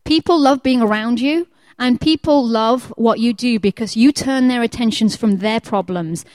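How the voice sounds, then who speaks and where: Woman giving a sermon, kinda high voice, super dry close sound, chatty and animated. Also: moderate pace, no echo. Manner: lively, acts out quoted prayers in changing voices. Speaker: preacher.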